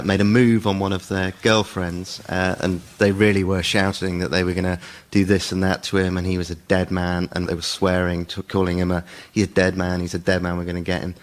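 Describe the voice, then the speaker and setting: A man on a comedy panel telling dry, exasperated anecdotes. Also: deep voice. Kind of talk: comic anecdote. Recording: studio with audience noise.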